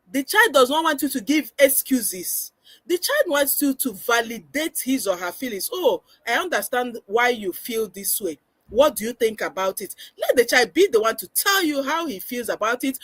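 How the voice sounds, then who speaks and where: A woman's voice: fairly high pitch, a bit bright, dry recording. A woman giving a parenting webinar lecture, earnest and instructive, often acting out how parents should talk with children. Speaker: parenting coach.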